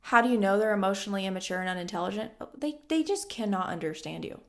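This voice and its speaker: A woman in her twenties talks straight to her viewers about self-help in a casual, blunt way. She leans on emphatic repetition to drive each point home, in a voice of middling pitch. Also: expressive, quick pace. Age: 20s. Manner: emphatic and blunt, repeats lines for stress. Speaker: vlogger.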